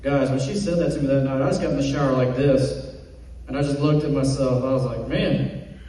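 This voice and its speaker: A man's voice: mid-range voice, steady tone, quick pace, mellow, a little hiss or hum. A man doing a stand-up comedy set on stage, telling self-deprecating jokes and acting out quotes. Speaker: stand-up comic. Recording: distant echoey hall recording.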